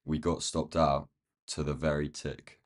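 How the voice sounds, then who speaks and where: A man with a croaky, rough-sounding voice, thinking aloud in casual commentary as he marks up trading charts on a live stream. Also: very deep voice, level tone, a little slow. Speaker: day trading livestream host.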